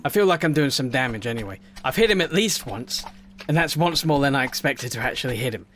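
A fast-talking man with a medium-pitched voice provides let's-play commentary over slight background noise. He jokes and chats, speaks to the creatures in the game, and alternates between quiet worry and loud excitement.

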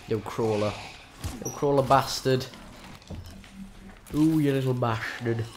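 A man's voice: medium pitch, measured pace, long pauses, slight background noise. Swearing man gaming live. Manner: swears often, frustrated outbursts and panicked yelps. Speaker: gaming channel host. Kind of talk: live gameplay commentary.

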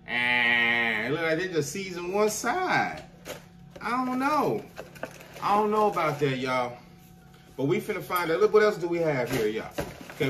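A man's voice: on the high side, noisy background. A man, a chef, chatting his way through a casual food review at home and constantly addressing viewers as "y'all.". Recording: voice a bit far from the mic.

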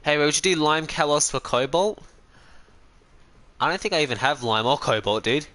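Bright-voiced Australian streamer man. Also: a little high, normal speed. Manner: rambling, chatty, talks to chat between trades. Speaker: gaming streamer. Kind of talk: casual live-stream chat while trading. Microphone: personal streaming mic.

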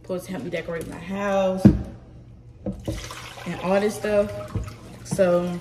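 A young woman tells a personal story to her viewers in a slow, halting way, full of fillers. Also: medium pitch, flat delivery, very noisy. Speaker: vlogger. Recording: echoey room from a distance, running water.

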